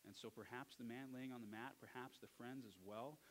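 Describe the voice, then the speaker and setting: A man's voice: medium pitch, animated, moderate pace, few pauses, slight background noise, poor audio. A man preaching a sermon as pastor, conversational and unscripted, stumbling and correcting himself now and then. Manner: conversational, with restarts and self-corrections.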